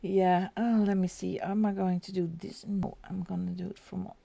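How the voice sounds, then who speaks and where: A woman's voice: mid-range voice, level tone, moderate pace, creaky, dark tone. A woman whose first language is Dutch, speaking English with a Flemish accent, hosting a live stream and chatting casually while colouring, giggling often.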